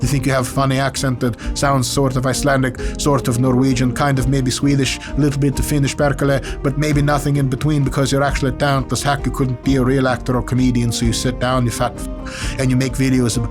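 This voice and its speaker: Man doing giant Nordic strongman, generic Nordic accent, boastful, crude, mid-pitched, faint music behind. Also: little pitch movement, fast, natural voice. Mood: boastful scolding. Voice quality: put-on accent, profane and boasting.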